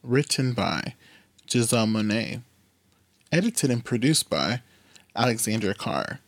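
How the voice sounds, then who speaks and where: A man reading the show's credits and sponsor message in a plain, even announcer voice. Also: mid-range voice, unhurried, no echo. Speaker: podcast host.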